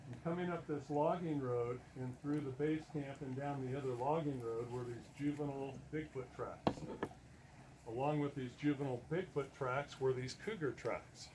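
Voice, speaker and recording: A man's voice: mid-range voice, moderate pace, background noise. A man giving a talk to an audience, earnest and emphatic, repeating words for stress. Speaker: presenter.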